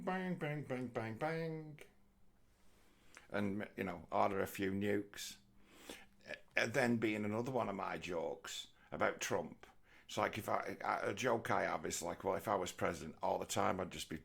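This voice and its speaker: A middle-aged man's low voice, gravelly and a little husky. He rambles through a sweary comic monologue in a loose, meandering way. Now and then he slips into mocking impressions. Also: fairly bright tone. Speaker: comedian. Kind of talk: rambling stand-up style monologue.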